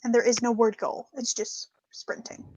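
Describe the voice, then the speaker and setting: A woman's voice: a little high, level tone, moderate pace, dull audio, background noise. A woman guest streamer chatting casually, self-deprecating and laughing as she talks. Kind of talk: casual livestream chat.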